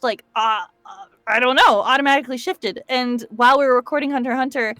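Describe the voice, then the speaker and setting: A woman voice actress as an interview guest, talking in a thoughtful, relaxed way. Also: high voice, brisk, no echo, clean studio sound. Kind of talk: casual interview chat.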